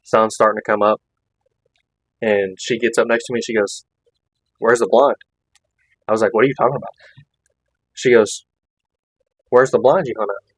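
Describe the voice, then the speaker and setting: A man's voice: fairly low pitch, fairly even intonation, moderate pace, pauses often, husky, dry recording, rough recording. Laughing, rambling storytelling man, dry close mic. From Missouri. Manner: rambling, laughing storyteller who restarts sentences. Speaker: podcast co-host. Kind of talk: casual storytelling chat.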